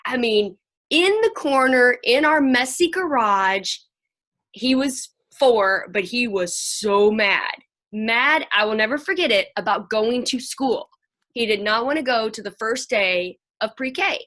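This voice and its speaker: A woman's voice: a little high, measured pace, a bit bright. A middle-aged woman counselor and play therapist speaking to a moms' group over a video call, chatty and folksy, sometimes acting out children's voices.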